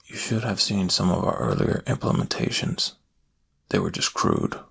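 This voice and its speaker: A man's voice: low-pitched, wildly swooping pitch, normal speed, creaky, fairly bright tone, slightly rough, heavily acted. A man voicing a frantic older male scientist with a Scottish accent in a whispered role-play, brusque and then lecturing. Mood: explaining.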